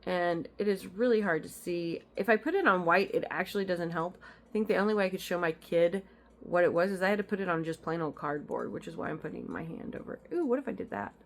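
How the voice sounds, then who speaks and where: A woman's voice: fairly low pitch, fast, gravelly. A woman chatting casually at home as she shows off her cross-stitch finds, rambling into asides with frequent ums. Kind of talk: casual show-and-tell chat. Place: at home in an apartment.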